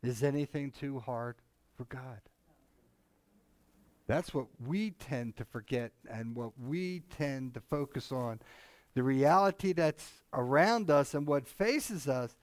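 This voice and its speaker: A man's voice: medium pitch, lively intonation, slow pace, no room sound. A man co-hosting a casual Bible discussion, talking in a rambling, conversational way with many asides and frequent chuckles. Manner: chuckles often, mimics others animatedly. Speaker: Bible study co-host.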